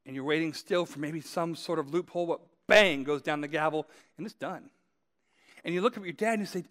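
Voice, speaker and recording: High-voiced man preaching a sermon. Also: a little fast, a bit bright. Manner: conversational storytelling, addressing listeners directly; repeats phrases for emphasis. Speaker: pastor.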